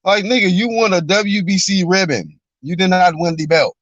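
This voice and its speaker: A man ranting on a live reaction stream, mocking and animated, sometimes breaking into shouted impressions, in a car. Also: sits high, normal speed, no echo. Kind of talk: profane live reaction rant. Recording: dull lo-fi dry recording.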